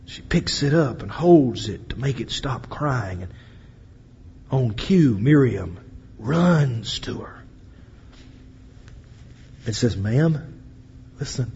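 A man preaching a sermon, acting out voices and swinging between loud and quiet. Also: medium pitch, animated, slow pace, gravelly, breathy edge, highs cut off. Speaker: pastor. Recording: echoey hall with long reverb.

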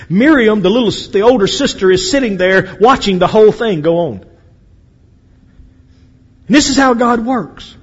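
A man preaching a sermon, acting out voices and swinging between loud and quiet. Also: high voice, lively intonation, moderate pace, slightly rough, muffled recording. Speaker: pastor. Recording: echoey hall with long reverb.

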